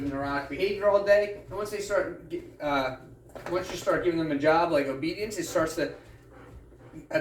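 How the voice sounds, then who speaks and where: A man who trains dogs, explaining patiently and in plain words during a training session. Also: a little high. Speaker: dog trainer. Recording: echoey, distant mic, faint ambient noise.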